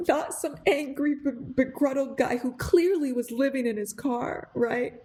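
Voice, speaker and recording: With a high but dark-toned voice, a little slow yet with hardly any pauses, a young adult woman hosts a podcast against slight background noise. She rambles earnestly through a reflective story with many fillers and restarts, getting emotional and close to tears.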